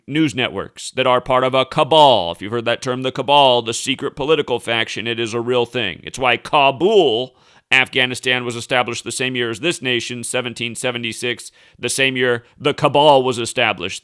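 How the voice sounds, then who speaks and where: A thirties-aged man at medium pitch, bright and smooth with a forceful tone, holds forth as a conspiracy news commentator. His casual rant is rambling and indignant, emphatic, and keeps restarting.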